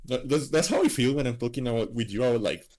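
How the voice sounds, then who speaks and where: A man's voice: mid-range voice, fast, a little mellow. Rambling man streamer chatting alone. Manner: rambling, filler-heavy, self-mocking. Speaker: streamer host. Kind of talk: casual stream chat.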